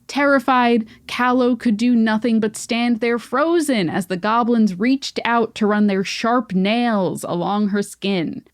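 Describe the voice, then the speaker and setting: A woman's voice: fairly high pitch, measured pace, hardly any pauses, no echo, clean studio sound. A woman podcast host retelling a folktale in playful, joking casual chat.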